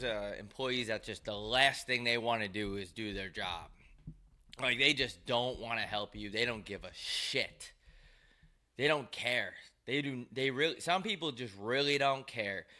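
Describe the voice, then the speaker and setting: Bright-voiced man ranting casually. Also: medium pitch, lively intonation, moderate pace. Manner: profane, wry, ranting storyteller. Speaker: show host. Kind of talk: casual rambling monologue.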